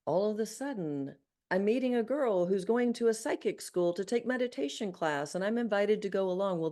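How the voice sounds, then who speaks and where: A woman in her sixties from Arkansas with a Southern accent, a guest telling her life story in an earnest, animated way with frequent restarts. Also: medium pitch. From Arkansas, USA. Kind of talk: storytelling in an interview.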